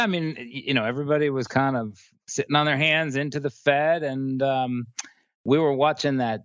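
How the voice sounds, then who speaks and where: A man co-hosting a markets podcast, talking through options trades in a relaxed way with many fillers. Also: mid-range voice, no room sound, highs cut off. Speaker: co-host, options analyst. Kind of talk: casual market talk.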